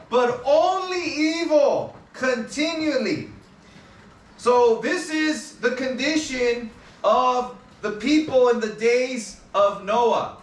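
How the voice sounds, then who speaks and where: A man's voice: very high voice, a bit bright. A man preaching in the open air, reading scripture aloud and stressing its key words with emphasis. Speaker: street preacher. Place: outdoors. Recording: echoey, distant mic, faint ambience.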